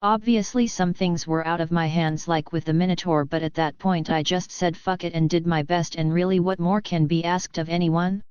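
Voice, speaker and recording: A woman narrates a novel in a steady, even read, her voice on the low side and smooth. The mic is close and the sound dry, with a slightly dull, lo-fi tone. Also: moderate pace, hardly any pauses, no echo. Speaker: audiobook narrator. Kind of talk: scripted first-person narration.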